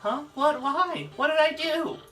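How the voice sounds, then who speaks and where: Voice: medium pitch, expressive, moderate pace, pushed and bright, recorded from a distance, pitched above the performer's own voice. A gameplay narrator voicing a small, eager young creature who pleads and whines, with game music behind. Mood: whiny.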